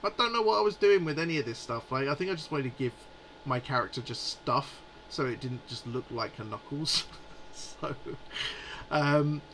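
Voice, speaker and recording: A man's voice: medium pitch, normal speed, a bit bright, a little hiss or hum, poor audio. A man in his forties hosting a live stream, chatting in a rambling, amused way. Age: 40s. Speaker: livestream host. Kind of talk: casual live chat.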